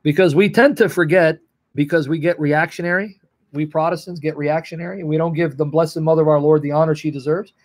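Earnest, emotional man, slightly high voice. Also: fairly even intonation, brisk. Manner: emotional, earnest, addresses viewers by name. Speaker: Bible teacher. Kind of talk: livestream teaching answering chat.

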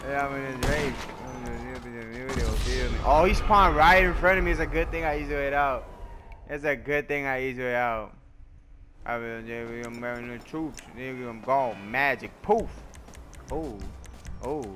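A young man giving playful, excitable gameplay commentary, trash-talking and swinging from sudden shouts to low mutters. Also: moderate pace. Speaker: gaming YouTuber. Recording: loud game sounds behind the voice. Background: video game noise and vehicle sounds.

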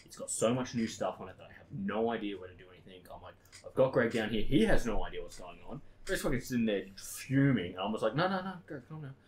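A man's voice: fairly low pitch, expressive, fast talker. A man, a podcast co-host telling work stories in casual chat, swearing a lot and acting out what others said. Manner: swears a lot, acts out his old workmates in quotes.

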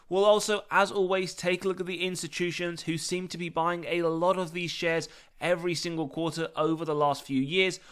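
A man hosting a stock analysis channel, talking through the figures in a steady, methodical way with formal phrasing, recorded as a close voice-over. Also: on the high side, clean tone.

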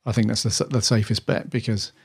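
Lowish voiced guy rambling on a podcast, lots of restarts. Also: flat delivery, fast talker, gravelly, a little mellow, slightly rough. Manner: rambling, chatty, many restarts. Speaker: podcast co-host. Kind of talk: casual chat.

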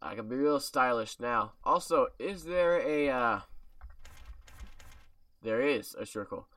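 A man's voice: medium pitch, expressive, slow pace, a bit bright, no echo, distant mic. A man casually commentating his gameplay, joking with viewers in a made-up accent he puts on. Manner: playful, joking, talks to viewers. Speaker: gaming video creator. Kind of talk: casual let's-play commentary. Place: home room.

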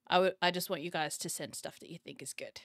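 A woman's voice: fairly low pitch, fast talker, a bit bright, no echo, clean studio sound. A woman streamer hosting her live stream in casual chat, talking straight to her viewers and laughing often. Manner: giggly, chatty, addresses chat directly. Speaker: streamer host.

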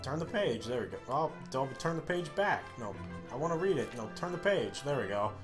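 A man's voice: mid-range voice, sing-song, brisk, music in the background. A man giving casual let's-play commentary, swearing and joking while he retells a story in the game. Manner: profane, joking, paraphrasing. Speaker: gaming streamer.

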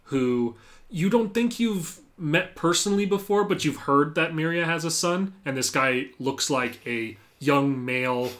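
A man's voice: fairly high pitch, animated, a little slow, fairly bright tone. A man narrating a tabletop role-playing game as game master, talking casually with lots of fillers.

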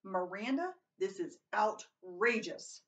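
A woman's voice: medium pitch, lively intonation, takes it slowly, a bit bright, far from the mic. A stern, short-tempered male drama teacher, put on by a woman reading a storybook aloud, snapping curt, exasperated orders. The voice sits a bit back from the microphone. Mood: outraged.

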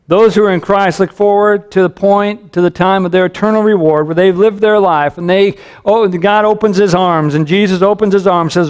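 A man's voice: high voice, steady tone, normal speed, hardly any pauses, clean tone. A man preaching a sermon as a pastor, earnest and caring, his voice rising when he reads scripture aloud.

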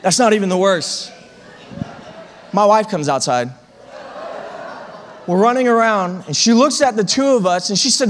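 A male pastor with a high voice tells a funny story from the pulpit in an animated way, tripping over repeated words. A long reverb rings through the church sanctuary behind him. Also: normal speed, pauses often, slight background noise. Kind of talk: storytelling sermon.

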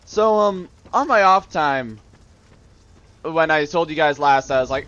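A man's voice: fairly high pitch, moderate pace, a bit bright, clear, resonant tone, muffled recording. A man hosting a let's play, rambling and sarcastic in his gameplay commentary. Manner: sarcastic, rambling, easily annoyed.

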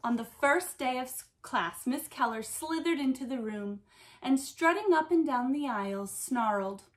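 Woman teacher reading a storybook out loud, lively and expressive, kinda high voice. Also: normal speed. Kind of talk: reading a picture book aloud.

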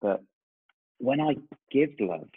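A man's voice: mid-range voice, very animated, slow, husky, no echo. A man in his thirties with an English accent, hosting a casual interview and talking in a thoughtful, rambling way with many restarts. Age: 30s. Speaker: host, confidence coach. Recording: tinny dry video call line.

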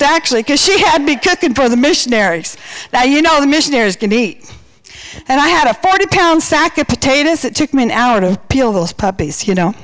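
A woman's voice: sits high, expressive, brisk, rough recording. A woman giving a humorous, storytelling wedding toast in a church, a little out of breath. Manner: storytelling with playful quoted voices. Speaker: wedding speaker and church singer.

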